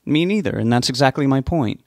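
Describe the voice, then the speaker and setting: A man reading an audiobook voices an anxious, stubborn young man who speaks earnestly and pleadingly. The character voice is medium-pitched, expressive, a little fast and mellow, set above his own pitch yet close to everyday speech, in clean studio sound with no echo.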